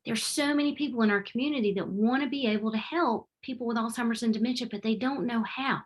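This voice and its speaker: Middle-aged woman presenter, warm and animated, a touch high-voiced, talking through slides on a call. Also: quick pace. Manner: warm, heartfelt and animated, with faith-tinged phrasing. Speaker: presenter at a webinar. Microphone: remote video call.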